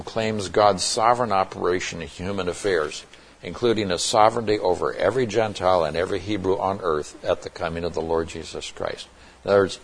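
A man with a very low, husky voice teaches through a scripture passage. He explains word meanings step by step, restarting phrases and stressing key points as he goes. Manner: explanatory, with frequent restarts and emphatic asides. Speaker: Bible teacher. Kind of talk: expository Bible teaching.

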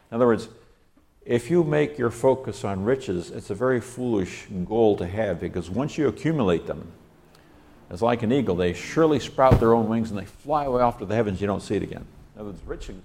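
A man with a very low, deep voice leads a Bible study verse by verse. He reads the old scripture wording aloud, then stops to unpack the Hebrew grammar behind it in a scholarly, unhurried manner. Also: creaky, darkish tone. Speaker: Bible teacher.

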